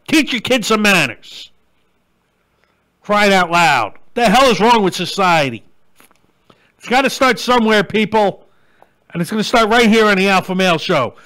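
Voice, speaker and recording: A man's voice: sits high, moderate pace, sharp tone. A middle-aged man hosting a live-stream show, ranting bluntly and crudely and greeting viewers as they join. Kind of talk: live-stream rant and chat.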